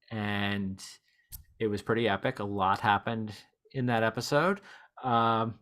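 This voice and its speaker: A man hosting a podcast, chatting casually with a guest and laughing often. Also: fairly low pitch. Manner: chuckles often, relaxed and chatty. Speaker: podcast host. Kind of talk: casual chat.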